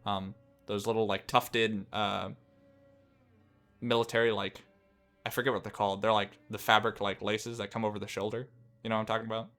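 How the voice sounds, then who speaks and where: Rambling male game master, bright smooth voice. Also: fairly low pitch, little pitch movement, a little fast, soft background music. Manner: rambling, many fillers and restarts. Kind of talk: narrating a tabletop game.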